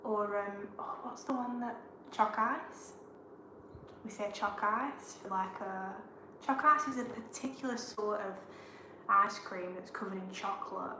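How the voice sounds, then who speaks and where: A woman chats casually on a live stream, her speech full of "like" fillers. Her pitch is middling. The sound is roomy, with clear background noise behind her voice. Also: measured pace. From Blackburn, England. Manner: chatty, with lots of "like" fillers. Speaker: travel vlogger co-host.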